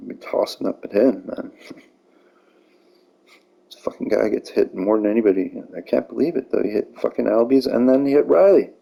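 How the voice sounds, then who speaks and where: Male gamer, husky and gravelly, cursing through casual play-by-play and blowing up at calls. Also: fairly low pitch, moderate pace, warm tone, low-quality recording. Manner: profane, ranting, gets heated over calls. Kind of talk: casual gameplay commentary.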